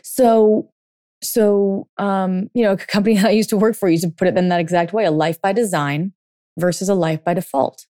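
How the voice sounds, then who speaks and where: In a studio-quality recording with no room sound, a woman who works as a dating and life coach tells a story casually, full of fillers, then gets blunt and emphatic with some swearing. Her mid-range voice is warm, with fairly even intonation and a moderate pace.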